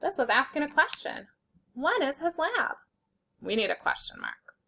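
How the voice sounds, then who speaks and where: A woman's voice: high voice, big pitch swings, moderate pace, vocal fry, noisy background. A woman teaching a spelling lesson to young children, patiently sounding out letters and praising their work. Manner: encouraging and praising.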